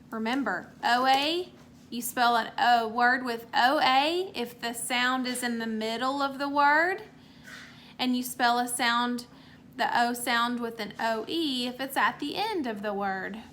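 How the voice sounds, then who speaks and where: A woman teaching a recorded phonics lesson to young children, sounding out words slowly and clearly and praising each answer. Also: on the high side, bright, forceful tone.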